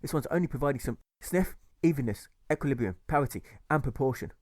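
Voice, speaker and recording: A man's voice: medium pitch, animated, quick pace, a little mellow, no room sound, clean studio sound, lightly acted. A man voicing a mild, fussy counsellor who sneezes, burps and sniffs mid-speech. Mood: pleading. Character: old-fashioned male town counsellor, mild and fussy.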